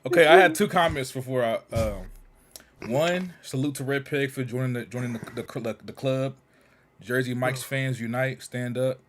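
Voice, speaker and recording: A man's voice: medium pitch, moderate pace. A man co-hosting a podcast, chatting casually with friends in a laid-back way. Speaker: podcast co-host. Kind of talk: casual chat among friends.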